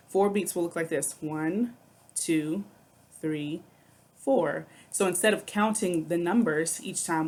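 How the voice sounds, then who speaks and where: Woman, music teacher, low voice, patient explaining, faint background hiss. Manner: patient, explanatory, says "okay" often. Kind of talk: recorded classroom lesson.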